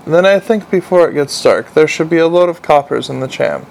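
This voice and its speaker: A man's voice: on the high side, fairly quick, vocal fry, darkish tone. A man voicing a weary, brusque middle-aged watch commander.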